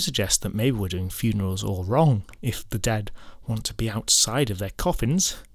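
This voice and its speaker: A man narrating a folklore podcast story, mixing dramatic retelling with wry, deadpan comic asides. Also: fairly low pitch, normal speed, hardly any pauses, no room sound, clean studio sound.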